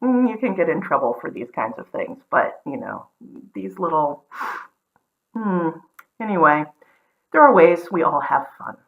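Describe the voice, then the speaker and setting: Southern woman with a North Carolina accent, deep voice, musing and rambling, dull lo-fi recording. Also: very animated, measured pace, creaky, long pauses. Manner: rambling, frequent ums and restarts. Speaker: vlogger. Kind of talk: casual explanatory talk.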